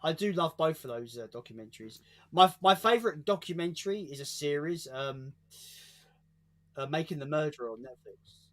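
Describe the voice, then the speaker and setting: A man's voice: a little high, expressive, normal speed, fairly bright tone. A man with a British accent chatting casually on a stream, swearing freely and tripping over his words. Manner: swears freely, stumbles and repeats words, laughs mid-story. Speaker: co-host. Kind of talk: casual chat.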